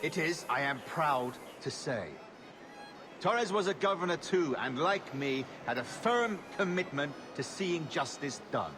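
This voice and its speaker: An actor playing a pompous, bitter colonial governor in a video game, speaking grandly and sarcastically. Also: male voice, on the high side, lively intonation, measured pace, music in the background. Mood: grandiose.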